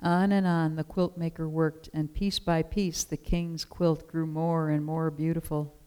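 A storyteller reading a children's picture book aloud in a gentle, expressive way. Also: mid-range voice, unhurried, clear, resonant tone, low-quality recording.

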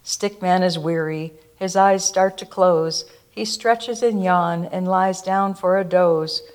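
A woman's voice: on the low side, fairly even intonation, slow, a little mellow. Woman reading a rhyming picture book. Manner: rhythmic, lilting rhyme. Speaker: storyteller.

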